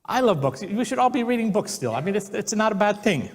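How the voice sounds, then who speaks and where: Brief: male pastor, a bit high-pitched, lively storyteller who acts out the quotes. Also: quick pace. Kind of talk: sermon.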